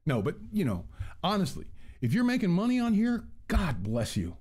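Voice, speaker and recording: A man ranting into an earbud mic on his own channel, rambling and swearing freely as he goes. His pitch rises and falls in a lively way, and he sounds exasperated throughout. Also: moderate pace, breathy edge. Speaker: channel host. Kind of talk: casual vlog rant.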